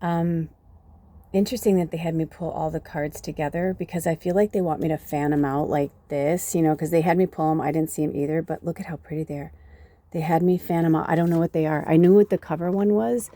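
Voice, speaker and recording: Female tarot reader, casual and talkative, low and warm, some swearing, occasional hushed asides. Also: fairly even intonation, a little fast, no echo. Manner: chatty, rambling, swears casually, drops to soft whispers. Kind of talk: casual pick-a-card tarot reading.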